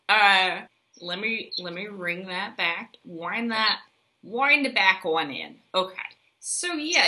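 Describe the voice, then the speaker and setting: A woman's voice: lowish voice, sharp tone, slight background noise. A woman co-hosting a podcast in casual chat, wry and articulate, with dry asides. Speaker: podcast co-host.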